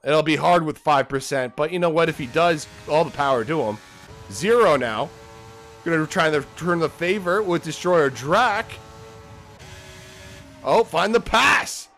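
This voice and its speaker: A man's voice: on the high side, fairly bright tone. A man giving casual, joking live commentary on a sim race, swearing freely as he calls the action.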